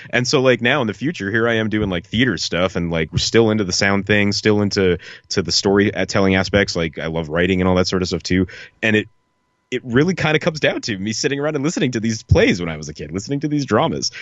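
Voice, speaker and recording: A man's voice: lowish voice, animated, quick pace, a bit bright, no room sound. A man co-hosting a podcast, chatting casually and rambling with enthusiasm, full of fillers like "like" and "you know.". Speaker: podcast co-host. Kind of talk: casual chat. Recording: dull lo-fi podcast audio.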